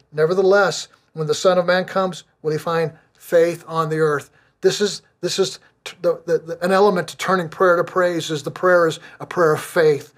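A middle-aged man preaching a sermon as pastor. He reads scripture aloud and drives his points home with earnest, repeated refrains. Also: on the high side.

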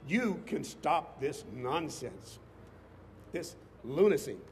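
A man's voice: a little high, big pitch swings, slow pace, a little mellow, in a large hall, slight background noise. A man, a state legislator, giving an impassioned speech to a crowd outdoors, rising to emphatic bursts. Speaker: state legislator addressing a rally. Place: outdoors on capitol steps before a crowd.

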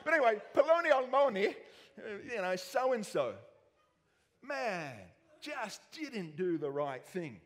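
A man with an Australian accent preaching a sermon in a church, jokey and animated with self-mocking asides. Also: sits high, measured pace. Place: church hall. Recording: long church hall reverb.

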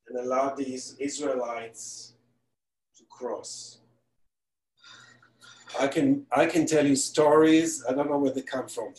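A man's voice: mid-range voice, a little mellow. Male celebrity chef demoing a cake live from his home kitchen, chatty and joking, heard from a distance. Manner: chatty, joking asides while working. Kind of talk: live online baking demonstration. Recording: echoey kitchen, distant mic.

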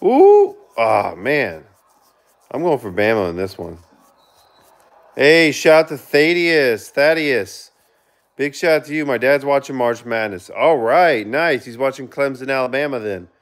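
A man with a mid-range voice hosts a casual live stream, reading viewer chat aloud and giving quick shout-outs. He's earnest, with sudden excited outbursts.

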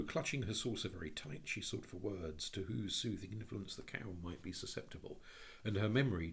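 A man with a low, deep voice reads a classic children's story aloud. His narration rises and falls with lively expression throughout. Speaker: audiobook reader.

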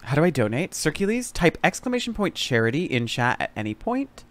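A man's voice: a little high, big pitch swings, a little fast. A young man chatting sarcastically while playing a game on a live stream, exclaiming often.

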